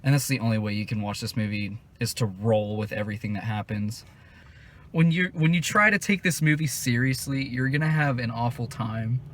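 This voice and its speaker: Bright-voiced young man reviewing a movie. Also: mid-range voice, fairly quick. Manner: laughs often, swears casually, animated. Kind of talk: casual chat.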